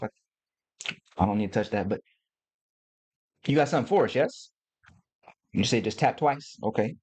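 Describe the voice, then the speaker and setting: A middle-aged man hosts a casual livestream and speaks straight to his viewers. He talks in a loose, playful, slangy way, and his voice sits at an ordinary middle pitch. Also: darkish tone. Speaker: host.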